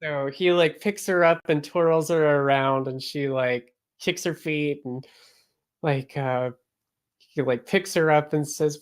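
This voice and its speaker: Woman game master, relaxed chatty narration, lowish voice. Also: slow pace. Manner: casual, lots of "like" and fillers.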